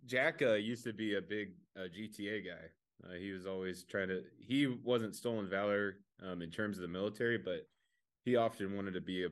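A man's voice: on the low side, normal speed. A man from Tennessee hosting a casual podcast, telling stories and acting out the voices in them. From Tennessee, USA. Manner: animated storyteller acting out voices. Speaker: podcast host. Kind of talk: casual chat, retelling funny videos.

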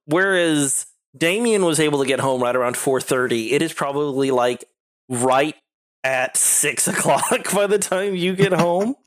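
A man's voice: on the high side, unhurried. A man narrating a tabletop game as game master, rambling with lots of "like" and frequent giggles. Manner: giggly, rambling with many likes.

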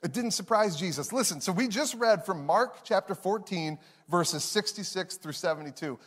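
A man preaching a sermon as a pastor, animated and emphatic, often repeating key phrases. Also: high-pitched, moderate pace, in a large hall.

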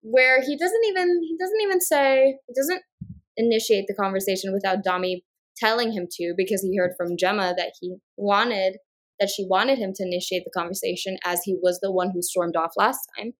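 In a steady, mid-range voice, a woman co-hosting a podcast recaps a reality show at speed in casual conversation. She dramatizes quotes from the cast as she talks.

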